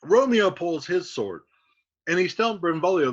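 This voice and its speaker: A man's voice: sits high, expressive, normal speed, highs cut off. A man teaching, casually retelling a play in plain, conversational words.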